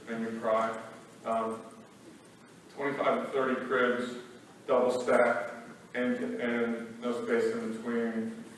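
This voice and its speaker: Man, middle-aged, earnest storytelling, choked up at times, flat delivery, very echoey hall, distant mic. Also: lowish voice, a little hiss or hum. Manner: earnest, emotional storytelling with many ums and restarts. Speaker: guest speaker. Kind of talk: personal story talk to students. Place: large school hall.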